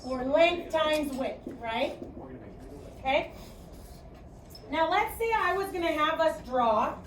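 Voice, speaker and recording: A young woman with a Chicago accent teaches a classroom math lesson in a high voice. She projects her speech and keeps asking "okay?" as she goes. The sound is roomy and echoey, picked up from some distance, with a faint hiss underneath. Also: lively intonation, slow pace. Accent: Midwestern American, Chicago. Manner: chatty, projecting, asks okay often. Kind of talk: classroom lecture.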